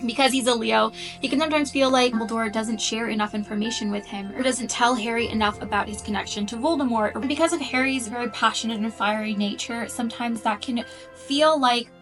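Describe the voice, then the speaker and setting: A woman with a slightly high voice explains things in an earnest, casual way, thinking aloud as she goes and dropping the occasional "um". Soft music plays faintly behind her. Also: poor audio. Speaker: astrology content creator.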